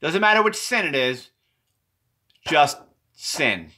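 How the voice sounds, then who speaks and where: A man talks through his drawings in a loose, wandering way, circling back and restarting phrases. His voice is fairly high and bright. His phrases often sink low and quiet as he trails off. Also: very animated, slow pace. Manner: meandering, repetitive, self-correcting. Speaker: presenter explaining his drawings. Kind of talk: rambling, unscripted explanation.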